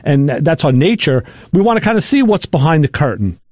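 A man's voice: a little high, sing-song, a little fast, darkish tone, no echo, studio quality. A middle-aged man co-hosting a casual chat, easygoing and agreeable. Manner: easygoing, short agreeing remarks.

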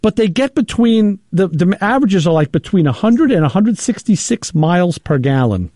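A man hosting a show, telling rambling, animated stories in casual chat and acting out what people said. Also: high-pitched, moderate pace, dry recording, clean studio sound. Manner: rambling, animated anecdotes with acted-out quotes. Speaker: show host.

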